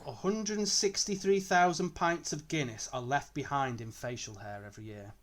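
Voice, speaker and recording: A man's voice: medium pitch, normal speed. A man co-hosting a casual football podcast, easygoing and chatty, laughing readily. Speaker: podcast co-host.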